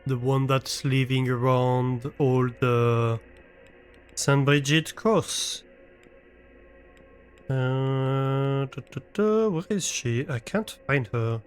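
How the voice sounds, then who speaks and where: With soft background music playing, a man streams a game from his home room, casually chatting with his audience and voicing his thoughts mid-play. His mid-range voice is smooth, and he speaks very slowly.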